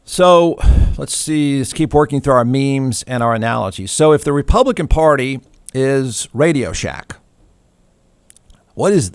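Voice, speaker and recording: A middle-aged man hosting a talk show, ranting sarcastically and mockingly, with sudden jumps in pitch. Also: dry recording, studio quality. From Texas. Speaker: radio talk show host. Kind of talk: snarky political commentary monologue.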